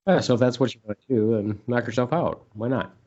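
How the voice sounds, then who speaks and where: Guy rambling on a podcast, cracks himself up, mid pitch, kinda muffled audio. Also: quick pace, darkish tone. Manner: rambling, repeats funny words in silly voices. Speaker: podcast co-host. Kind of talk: casual chat.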